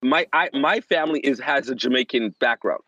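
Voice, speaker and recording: A man's voice: medium pitch, a little fast, muffled recording. A man in his forties, a minister and family therapist, telling a personal story as a podcast guest and acting out the voices of others. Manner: animated, acts out the voices of others.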